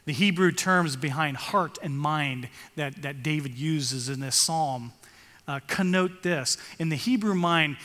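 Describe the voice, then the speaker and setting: A man's voice: fairly high pitch, sharp tone, long reverb tail. A male pastor giving an earnest sermon, reading scripture aloud and rising for emphasis.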